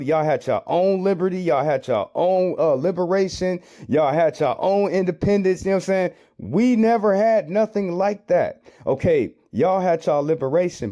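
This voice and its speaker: American man, commentator, mellow voice, argumentative, repeats himself. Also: on the high side. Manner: rhetorical questions, repeats phrases, argumentative. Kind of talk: reaction commentary on clips.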